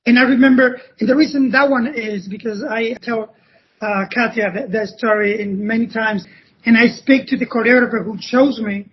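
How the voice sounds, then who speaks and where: A Spanish-speaking man from Cuba with a Cuban Spanish accent, a podcast guest telling stories in a halting way that often restarts phrases. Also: extremely high pitch, steady tone. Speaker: podcast guest, former ballet dancer. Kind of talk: conversational interview storytelling. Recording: dull lo-fi podcast audio.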